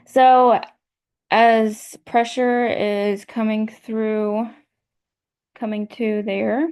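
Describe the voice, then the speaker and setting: A young woman gives a class presentation, explaining a model one step at a time. She talks slowly, and her voice has a gravelly, fried edge. She often circles back to repeat a point. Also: mid-range voice, a little mellow. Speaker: student presenter.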